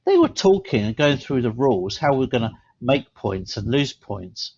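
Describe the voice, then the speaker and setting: A man's voice: mid-range voice, moderate pace, husky. Man telling rambling stories. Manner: rambling storyteller, animated when telling a story. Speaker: podcast co-host. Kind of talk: casual chat. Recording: slightly dull lo-fi sound.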